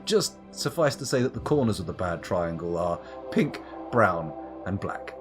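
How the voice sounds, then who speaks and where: A man's voice: sits low, big pitch swings, normal speed, few pauses, music in the background. A man giving playful, jokey live gameplay commentary as a streamer, with muttered asides. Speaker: game streamer.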